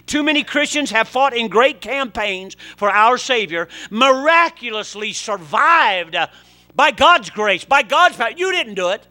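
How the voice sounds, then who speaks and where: A middle-aged man preaching a sermon, swinging between loud, urgent exhortation and quieter, conversational asides. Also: very high-pitched, lively intonation, a little slow.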